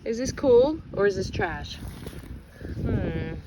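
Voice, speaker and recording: Excitable woman detecting outdoors. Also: mid-range voice, very slow. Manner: chatty, excitable, talks to herself and viewers. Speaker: metal detecting vlogger. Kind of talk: casual commentary to camera. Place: outdoors in a park under trees. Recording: outdoor recording with clear wind and ambient noise.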